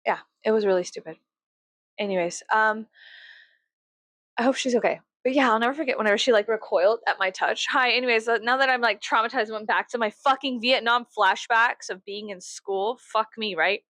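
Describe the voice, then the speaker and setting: A woman in her thirties from the United States, vlogging at home while she gets ready, rambling and swearing, mocking herself and breaking into loud laughs. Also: a little high, a little fast, dry recording. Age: 30s. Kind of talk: casual get-ready-with-me chat.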